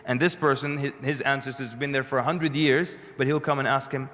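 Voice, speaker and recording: This man's mid-range voice is steady and a bit bright, moving a little fast with hardly any pauses as he addresses a live audience. His lecture is full of conversational stories and dry humor. There's slight background noise and the long reverb of a lecture hall.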